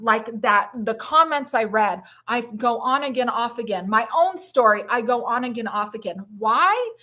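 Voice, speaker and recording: A woman's voice: a little high, fairly bright tone. A woman hosting a live stream on plant-based eating, talking in an effusive, encouraging and emotional way. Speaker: plant-based lifestyle vlogger. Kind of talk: live-stream motivational chat.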